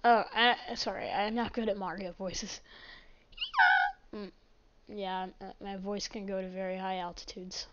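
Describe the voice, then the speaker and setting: A woman's voice: mid-range voice, little pitch movement, a little slow, pauses often. A woman giving rambling, chatty let's play commentary as a gaming host, often apologizing. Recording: dull lo-fi mic.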